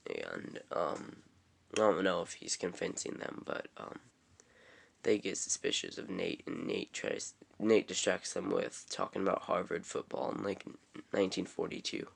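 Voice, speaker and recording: Young male reviewer, deep, gravelly voice, offhand rambling recap. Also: sing-song, takes it slowly. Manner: rambling, filler-heavy, offhand. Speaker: TV episode reviewer. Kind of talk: casual episode recap.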